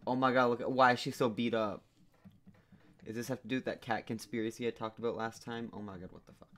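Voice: mid-range voice, steady tone, fast, a bit bright. A gamer commentating a puzzle game, rambling, swearing, and muttering and humming to themself. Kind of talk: let's play commentary. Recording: noisy home recording with keyboard clicks.

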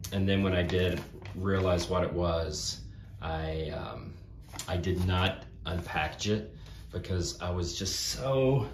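Slow-talking man in an echoey room. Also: sits low, a little hiss or hum. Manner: slips into hushed whispers of awe. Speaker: vlogger unboxing a gift. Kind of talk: excited unboxing chat.

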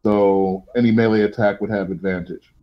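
A man running an online tabletop game as game master, making relaxed, joking rulings. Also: lowish voice, moderate pace, dull audio.

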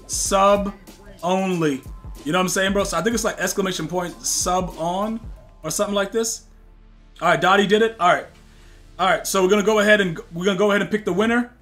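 Brief: young male streamer, AAVE style, high bright voice, rowdy and profane, faint game music behind. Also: fairly quick. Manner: loud, profane, excitable trash talk. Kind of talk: casual live-stream chat with viewers.

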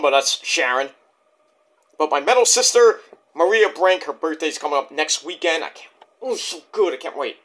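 An excitable man rambles through a casual review monologue and swears freely. His voice is high and bright. Its pitch swings around constantly. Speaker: wrestling show reviewer.

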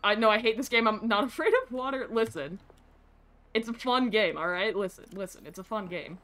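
An American woman streaming a video game with casual, excitable and profane commentary that often rambles. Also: medium pitch, fairly quick.

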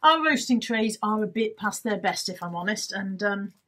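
A YouTuber sits at a table at home, chatting her way through a shopping haul into a camera set on the table. Her mid-range voice has a sharp tone and lively intonation at a moderate pace, and she rambles and pokes fun at herself on a rough recording.

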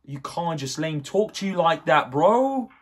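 Husky, excitable young man reacting to a movie. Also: on the high side, moderate pace. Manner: excitable, swearing, lots of fillers. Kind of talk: casual movie reaction commentary.

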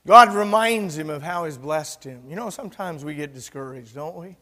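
A pastor in his sixties delivers an emphatic sermon in a high voice. He swings between loud declarations and quiet asides, and the words ring out with long reverb in a church sanctuary. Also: expressive, moderate pace. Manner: emphatic preaching, loud and soft by turns.

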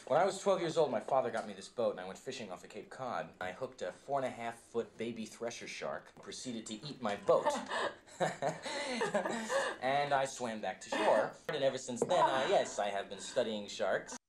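An actor playing an eager young male shark scientist in a film, talking in a quick, wry, self-assured way. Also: mid-range voice, animated, natural voice. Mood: earnest. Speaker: shark expert.

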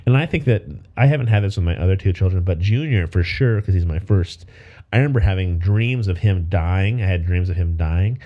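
A man's voice: deep voice, brisk, muffled recording. A man co-hosting a podcast in casual chat, openly emotional and swearing freely. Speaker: podcast co-host.

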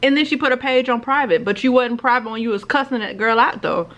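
A woman's voice: on the high side, fast, fairly bright tone. A woman vlogging about books, ranting bluntly and profanely to her camera at home. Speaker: book vlogger. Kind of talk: ranting commentary vlog. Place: home recording.

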